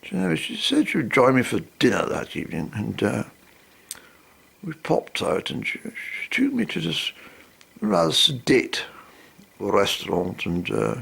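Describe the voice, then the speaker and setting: A man's voice: mid-range voice, wildly swooping pitch, measured pace, gravelly, a bit bright, husky. A man telling a humorous personal anecdote in a rambling way, full of fillers and asides. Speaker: storyteller.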